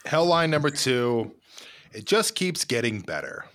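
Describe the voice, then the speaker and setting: Lively, animated man reading headlines. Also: mid-range voice, unhurried, slight background noise. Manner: lively, jokey, interjecting. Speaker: podcast host reading headlines. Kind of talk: casual political chat.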